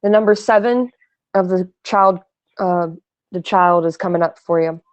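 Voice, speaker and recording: A woman doing a tarot card reading as a guest on a live stream, speaking calmly and earnestly. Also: fairly low pitch, moderate pace. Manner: calm, earnest readings with fillers.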